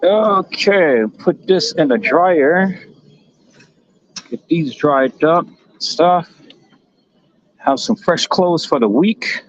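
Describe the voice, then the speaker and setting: A man's voice: a little high, lively intonation, very slow, pauses often, slight background noise. A man hosting a casual live stream, rambling and chatting with people around him, likely at a laundromat. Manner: rambling, chatty, talks to passersby and a toddler. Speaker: livestream host. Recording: lo-fi phone audio.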